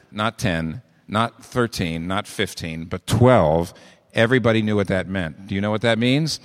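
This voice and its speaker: A man preaching a sermon, animated and full of rhetorical questions. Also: on the low side, long reverb tail. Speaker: pastor.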